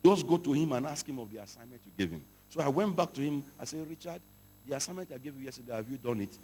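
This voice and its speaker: Male pastor, high husky voice, sermon in a reverberant hall, storytelling with shouted peaks. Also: lively intonation, quick pace. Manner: storytelling, rising to shouted emphasis. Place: large hall.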